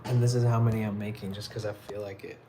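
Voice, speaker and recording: Talking quickly in a lowish voice, a man livestreams from an indoor workspace via his phone as he builds art pieces, with slight background noise. His chat is relaxed and rambling, full of fillers.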